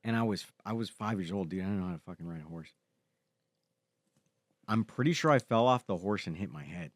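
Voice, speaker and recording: A young man co-hosting a podcast, talking in a relaxed, meandering way and saying "dude" often. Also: low voice, brisk, no echo, studio quality. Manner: relaxed, says "dude" a lot, drifts while remembering. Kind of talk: casual chat.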